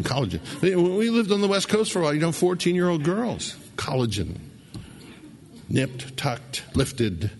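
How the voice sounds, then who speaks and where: A man's voice: a little high, vocal fry, breathy edge. A middle-aged man preaching a sermon, emphatic, repeating key words and restarting phrases. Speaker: pastor.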